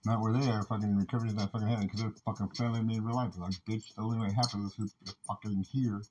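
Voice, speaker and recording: An agitated man rants in a loose, rambling monologue, swearing constantly and piling up filler words. He talks quickly. The recording is muffled and lo-fi, with a faint hiss of noise behind him. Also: lowish voice, flat delivery, a little mellow. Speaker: podcast host.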